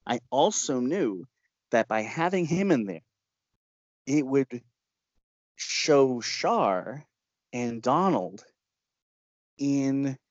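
A man's voice: mid-range voice, big pitch swings, very slow, long pauses, dry recording, highs cut off. A man who makes horror films, telling stories in an interview with lots of laughter and acted-out voices. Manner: laughs often and acts out quoted voices. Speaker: horror filmmaker. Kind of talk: animated interview storytelling.

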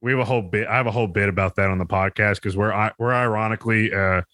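A man's voice: lowish voice, fairly even intonation, very fast, pushed and bright, no echo. An American man, a podcast guest, in casual banter, rambling and laughing, profane. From United States.

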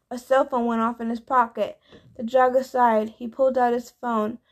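A woman's voice: on the high side, darkish tone. A woman reading a novel aloud in the first person, plainly and with small stumbles. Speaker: reader. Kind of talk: audiobook narration of a novel.

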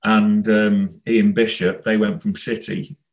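Low-pitched male ex-player, rambling anecdotal guest, laughs mid-story. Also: flat delivery, takes it slowly, rough recording. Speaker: former footballer guest. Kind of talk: casual storytelling interview.

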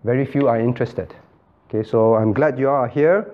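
A man's voice: mid-range voice, normal speed, narrow, tinny audio. A male pastor leading an interactive Bible study in a church room, emphatic and questioning, calling on listeners by name.

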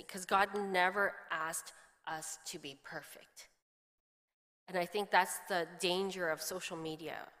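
A woman's voice: on the low side, fairly bright tone. A middle-aged woman pastor giving a chatty sermon, telling stories and slipping into quoted voices, often laughing. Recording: long hall reverb.

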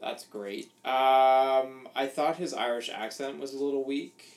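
A man on a podcast talks in a loose, rambling way, full of fillers and false starts. His voice sits at a middling pitch. The room around him rings with a clear echo. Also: a little slow. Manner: rambling, hesitant, swears casually. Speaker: podcast co-host. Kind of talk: casual chat. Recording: roomy echo.

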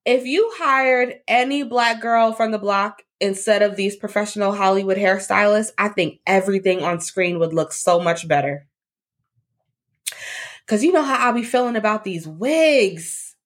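A woman co-hosts a casual podcast chat. Her voice sits at a middling pitch, and she talks bluntly and teases, often repeating a line for effect. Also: normal speed. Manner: blunt and joking, repeats her lines for emphasis. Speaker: podcast co-host.

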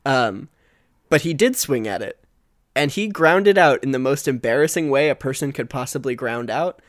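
A man co-hosting a casual podcast and rambling through a story with lots of fillers. His pitch sits mid-range. The sound is dry and close. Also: lively intonation, normal speed, no echo. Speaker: podcast co-host. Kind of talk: casual chat.

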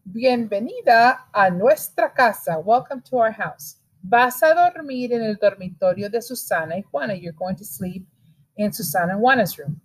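A woman reading the lines of a kindly father welcoming a guest, slow and deliberate. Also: medium pitch, lively intonation, natural voice, poor audio.

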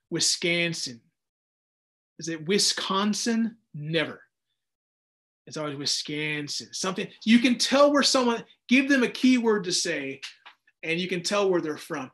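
A man with a notably high speaking voice leads a Bible study in a relaxed, conversational way. He rambles a little, restarts his sentences, and drops into quick acted-out asides. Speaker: Bible teacher. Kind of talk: casual Bible study teaching.

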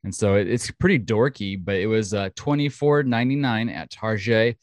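A man co-hosting a podcast in casual chat, chatty, excitable and jokey. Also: lowish voice, moderate pace, dry recording. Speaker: podcast co-host.

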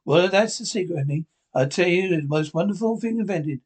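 An actor playing a scheming henpecked husband in a 1950s radio drama, talking in a confiding, conspiratorial way. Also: male voice, high-pitched, lively intonation, a little fast, husky. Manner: confiding, conspiratorial, eager to show off. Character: sly henpecked middle-aged husband, scheming and pleased.

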